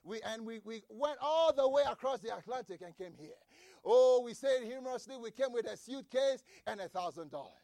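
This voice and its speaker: A man delivering a sermon in a strikingly high voice with a gravelly edge, his scripture reading breaking into shouted, repeated lines. The sound is close and dry. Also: lively intonation, brisk, no room sound. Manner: preaching with shouted emphasis and repeated phrases. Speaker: preacher.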